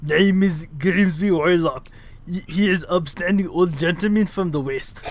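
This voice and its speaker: A man voicing a hostile male Russian ship crewman in a put-on Russian accent, speaking slow, loud, broken English with condescension. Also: sits high, slight background noise. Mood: condescending. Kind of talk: reading game dialogue aloud on a live stream.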